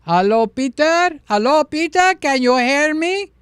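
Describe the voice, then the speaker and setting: A man voicing an elderly Greek priest with a Greek accent, who talks loud, high and drawn-out as he pleads with him. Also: expressive, dry recording, studio quality, exaggerated voice. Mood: pleading. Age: older. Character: elderly male Greek priest, fussy and warm.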